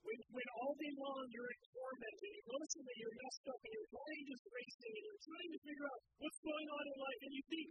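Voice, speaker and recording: A woman's voice: high-pitched, very animated, fairly quick, hardly any pauses, dry recording. A woman teaching a sermon on a psalm, earnest and pleading, asking her listeners rhetorical questions. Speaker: Bible teacher. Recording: dry, dull lo-fi recording.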